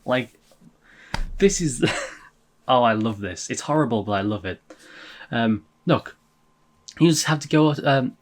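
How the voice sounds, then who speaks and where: Reading a manga chapter out loud, a man reacts in a casual way, laughing and cursing frequently, and gets louder and higher-pitched whenever he's amused.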